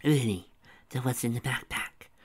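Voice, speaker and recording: A man reading a fan story aloud, voicing a teasing young woman in a soft, breathy whisper. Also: mid-range voice, normal speed, voice pushed up, close to an everyday voice. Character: young adult female, affectionate, teasing.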